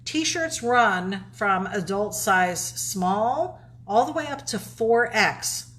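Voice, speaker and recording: A woman's voice: medium pitch, expressive, slow pace, a bit bright. A woman with a Southern accent, co-hosting a casual live stream, chatting, plugging shirts and reading viewer comments aloud. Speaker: co-host of a live drawing stream.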